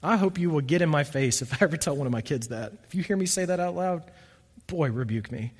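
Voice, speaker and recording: Earnest middle-aged preacher guy, higher voice, long church reverb. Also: quick pace. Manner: earnest, dropping to soft emphatic lows. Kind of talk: sermon.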